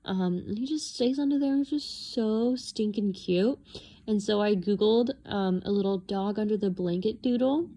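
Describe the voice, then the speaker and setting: A woman's voice: normal speed, dark tone. Chatty young woman rambling casually. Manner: rambling, self-deprecating, acts out her own thoughts in a higher voice. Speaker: vlogger. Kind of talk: casual chatty journal flip-through.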